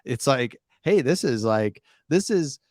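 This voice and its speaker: A man's voice: mid-range voice, expressive, unhurried, dry recording. A man co-hosting a casual sports talk show, talking loosely with fillers and dry jokes. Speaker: sports podcast co-host.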